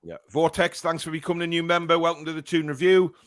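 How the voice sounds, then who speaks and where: A man's voice: on the high side, flat delivery, quick pace, dry recording, studio quality. A man hosting a fan podcast in casual chat, reading viewer messages aloud. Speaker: podcast host. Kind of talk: casual live-stream chat.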